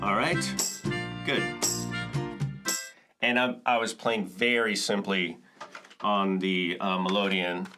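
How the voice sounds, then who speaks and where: A man's voice: low-pitched, little pitch movement, slow pace, pauses often, over music. A man teaching percussion and chords in a casual, self-correcting way, explaining step by step. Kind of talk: relaxed music lesson walkthrough.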